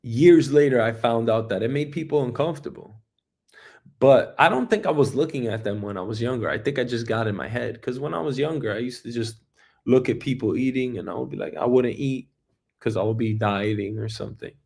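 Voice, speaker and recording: A man in his thirties hosting his own show, talking in a rambling, jokey monologue with swearing and sudden loud bursts. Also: medium pitch, a little fast, creaky, husky. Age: 30s. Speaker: host. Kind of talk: casual solo monologue.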